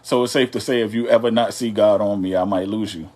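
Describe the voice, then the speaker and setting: A man's voice: fairly low pitch, fairly even intonation, fast talker, darkish tone. A man co-hosting a live couples talk show, chatting casually in a loose, drawling and teasing way. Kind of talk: casual live-stream chat.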